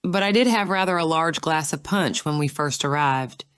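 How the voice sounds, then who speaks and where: A poised young lady with a smug, teasing tongue, voiced by a woman narrator. Her lines come wry and composed in a smooth, low tone. The recording is close and dry. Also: normal speed, a bit bright, dry recording. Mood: exasperated. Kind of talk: audiobook character reading.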